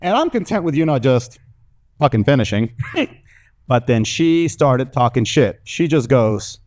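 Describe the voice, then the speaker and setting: A young man from Mexico doing a stand-up comedy set on stage, telling animated stories and acting out other people's voices with big jumps in pitch. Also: measured pace. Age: young adult. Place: comedy stage before a live audience.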